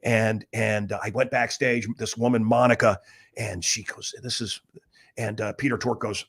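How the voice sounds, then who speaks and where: A man's voice: on the low side, a little fast, gravelly, fairly bright tone, husky. A middle-aged man, a radio host, telling rambling celebrity stories in blunt, profane casual talk. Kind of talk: casual storytelling monologue.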